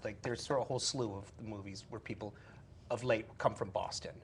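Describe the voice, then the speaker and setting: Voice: mid-range voice, steady tone, a little fast, slight background noise. A host in casual chat, rambling and restarting phrases often.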